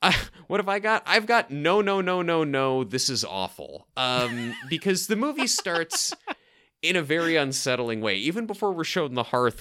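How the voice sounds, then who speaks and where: A man's voice: mid-range voice, sharp tone, clean tone. A man co-hosting a podcast, chatting casually in a rambling, self-correcting way and laughing often. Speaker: podcast co-host. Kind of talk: casual chat.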